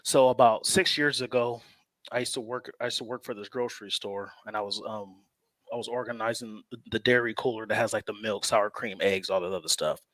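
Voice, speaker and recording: A man's voice: fairly low pitch, steady tone, fairly quick, fairly bright tone, no room sound. A man co-hosting a casual sports chat, telling a personal story at an easy pace and laughing often. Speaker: co-host.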